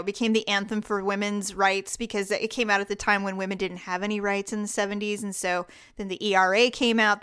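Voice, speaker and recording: A woman's voice: medium pitch, a bit bright, clear, resonant tone. A woman chatting casually with her sister, laughing often and mimicking voices as she tells stories. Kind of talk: casual chat between sisters.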